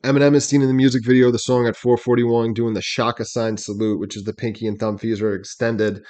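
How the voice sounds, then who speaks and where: A man's voice: mid-range voice, level tone, darkish tone. A man hosting a reaction channel. He explains rap lyrics line by line in a casual way and keeps asking "right?" and "you know what I mean?". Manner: reads quoted lyrics slowly and deliberately.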